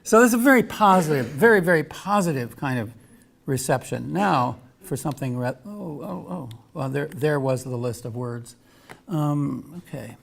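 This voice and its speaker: A man's voice: a little high, expressive, normal speed, gravelly. A man giving an informal academic talk with slides, chatty and full of restarts and asides. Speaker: lecturer.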